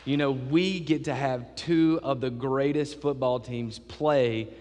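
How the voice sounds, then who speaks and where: A man preaching a sermon, telling a lively, joking story to his church. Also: mid-range voice, slow pace, in a large hall.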